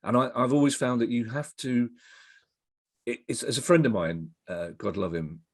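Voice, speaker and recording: A man's voice: mid-range voice, normal speed, dry recording, clean studio sound. A middle-aged man, a comedy writer chatting as a guest, telling stories in a rambling way and often restarting his sentences. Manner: rambling anecdotal storyteller, self-interrupting. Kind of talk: casual interview chat.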